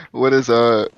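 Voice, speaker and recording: A man's voice: medium pitch, vocal fry, dull audio, slight background noise. An American man trading teasing jabs with friends while streaming a game. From United States. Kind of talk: casual gaming banter.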